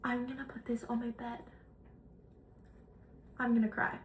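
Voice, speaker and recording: Young woman gushing thru an unboxing vlog, kinda high voice, echoey noisy room. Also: a little slow. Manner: gushing, excitable, chatty. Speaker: lifestyle vlogger.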